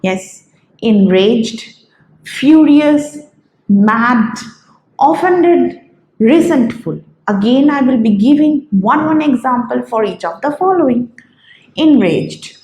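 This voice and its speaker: A woman hosting an English vocabulary lesson, listing words one by one in a slow, deliberate way. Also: a little high, expressive, dark tone, reverberant, poor audio. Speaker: English teacher, channel host.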